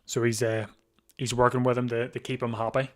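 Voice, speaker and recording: A man's voice: medium pitch, little pitch movement. A man hosting a live watch-along of a bike race, chatting casually with frequent restarts, sleepy and yawning. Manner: chatty, thinks aloud with restarts, quick to laugh. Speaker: live stream host.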